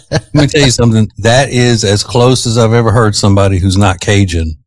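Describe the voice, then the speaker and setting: Folksy radio host. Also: male voice, fairly low pitch, moderate pace, dry recording. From Louisiana. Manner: folksy storyteller, laughs easily. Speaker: radio morning show host. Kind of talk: casual radio banter. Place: radio studio. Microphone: studio microphone.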